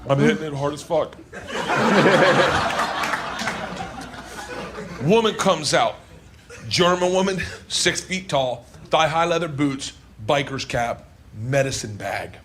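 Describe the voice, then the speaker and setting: A man doing stand-up storytelling, loud and excitable, laughing through his story and shouting the punchlines. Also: on the high side, takes it slowly, long pauses, a little hiss or hum. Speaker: stand-up comedian. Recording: live stage recording with loud audience laughter. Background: loud crowd laughter.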